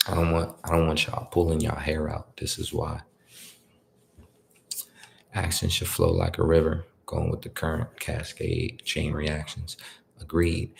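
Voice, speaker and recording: Deep gravelly-voiced man, casual spiritual talk. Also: unhurried, slight background noise. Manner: conversational, repeats "you feel me", colloquial grammar. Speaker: spiritual speaker.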